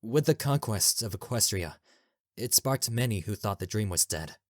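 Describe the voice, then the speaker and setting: A gentle, worried unicorn father who speaks slowly and somberly, as a man acts him out. The recording sounds dry and close, in an audio drama. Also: on the low side, no echo, lightly acted. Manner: calm, somber, slow. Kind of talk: fan audio drama acting.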